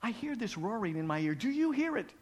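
A curious, timid young mouse, put on by a man telling a story. The voice sits noticeably higher than the teller's own and comes out eager and questioning, like a youngster who has to know. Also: sing-song, fairly quick, husky, heavily acted.

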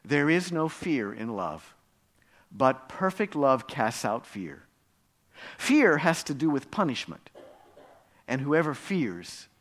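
A male pastor preaching a sermon, earnest and storytelling, swinging between hushed low passages and loud, emphatic climaxes.

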